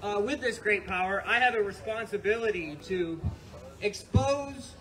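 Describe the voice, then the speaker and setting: A man's voice: high voice, normal speed, fairly bright tone. A man from New York doing a rambling, profane stand-up set on a club stage, often laughing at his own jokes. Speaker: stand-up comedian. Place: comedy club stage with audience. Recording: distant mic, noisy live room.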